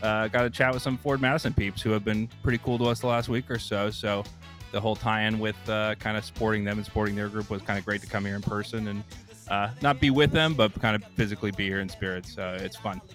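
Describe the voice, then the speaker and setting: Low-voiced easygoing male co-host. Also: steady tone, fast, a bit bright, faint music behind. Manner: easygoing, meandering, dry jokes. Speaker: podcast co-host. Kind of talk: casual podcast chat over video call. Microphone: video call.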